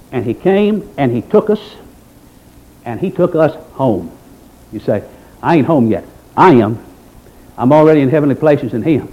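A man preaching a sermon in a folksy, dramatic manner, with mocking asides in a quiet voice. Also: fairly high pitch. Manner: folksy Southern-style preaching with dramatic swings in volume. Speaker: pastor. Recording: dull lo-fi recording.

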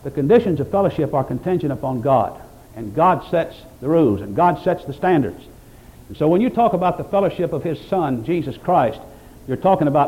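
Man preaching a sermon with a mellow voice. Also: a little high, lively intonation, a little fast, low-quality recording. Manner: impassioned preaching that swings from loud emphatic peaks to quiet reflective passages; quotes scripture in old-fashioned wording. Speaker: pastor.

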